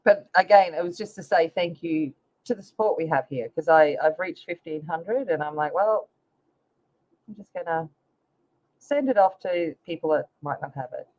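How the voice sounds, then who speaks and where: A woman's voice: on the low side, expressive, moderate pace, darkish tone. A woman hosting a casual livestream, chatting with viewers by name while she colors. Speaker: livestream host. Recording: slightly dull lo-fi sound.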